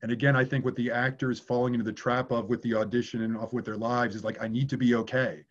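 A man's voice: mid-range voice, little pitch movement, quick pace, dull audio. A man working as an acting coach, answering viewer questions in a candid way and swearing casually.

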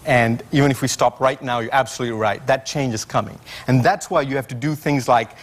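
A man's voice: mid-range voice, fairly quick. A male scientist guest on a late-night talk show, telling stories with lots of fillers and restarts. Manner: animated storyteller, fillers and restarts.

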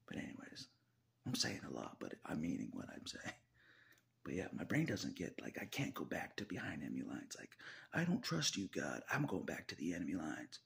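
A man's voice: deep voice, vocal fry, a bit bright. A man talking in a casual confessional vlog monologue, laughing often, swearing, and sometimes dropping into a whisper. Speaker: video blogger.

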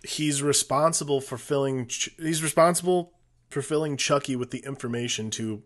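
A man's voice: mid-range voice, normal speed, a bit bright. A man co-hosting a film podcast, talking casually and working through his thoughts with restarts. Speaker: podcast co-host.

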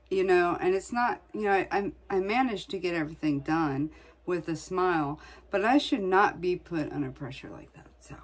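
A woman vlogger chatting casually, venting in a blunt, profane way. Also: on the low side. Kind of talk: casual chat.

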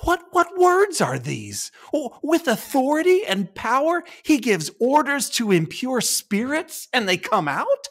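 A man's voice: extremely high pitch, wildly swooping pitch, a little slow, hardly any pauses, voice pushed up, heavily acted. A man voicing amazed townspeople while reading scripture aloud, in a raised, wondering voice. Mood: astonished. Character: amazed townspeople, male, astonished and awed.

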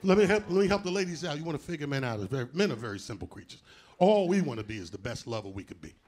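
A man doing a live stand-up set, loud and animated, shouting out punchlines and acting out other people's voices. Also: fairly high pitch, rapid-fire. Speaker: stand-up comedian. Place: theater stage before a live audience.

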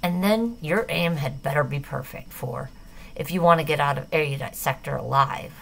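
A sneering teenage boy snaps orders in a low, gravelly, curt voice. A woman reader lowers her voice to play him. He is impatient and scornful, pushing everyone along in this audiobook scene. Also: normal speed, fairly bright tone, a little hiss or hum.

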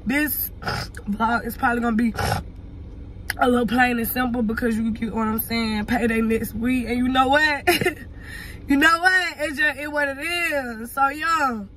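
A woman's voice: fairly high pitch, steady tone, measured pace, pushed and bright, slight background noise. A young woman vlogging casually from a car, talking in a profane, brash, rambling way. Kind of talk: casual vlog rant.

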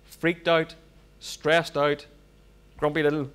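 High-voiced fervent pastor. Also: male voice, slow, long pauses, smooth. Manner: fervent preaching, swings from loud bursts to quiet asides. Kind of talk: sermon.

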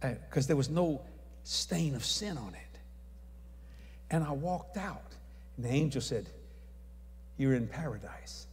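Man, preacher, folksy storyteller, slightly high voice, long reverb of a big hall. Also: animated, a little slow, pauses often. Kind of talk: storytelling sermon.

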